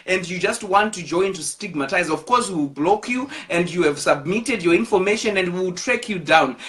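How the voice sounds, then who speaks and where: A woman from Zimbabwe, hosting a live-streamed talk show, reading viewer comments and encouraging a caller warmly. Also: on the low side.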